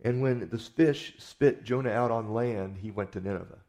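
A man's voice: on the low side, normal speed, darkish tone. A male pastor giving a sermon in a folksy, conversational storytelling manner, often repeating his words as he goes.

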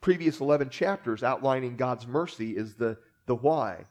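A man's voice: mid-range voice, expressive, moderate pace, few pauses, a little mellow. A man preaching a sermon in a conversational way, opening with a joke and using many fillers as he teaches. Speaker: pastor.

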